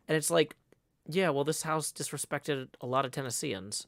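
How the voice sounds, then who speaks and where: A man's voice: a little high, moderate pace, creaky, a bit bright, no room sound, clean studio sound. A man hosting a casual livestream, talking in a rambling, irritated way with many restarts. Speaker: livestream host.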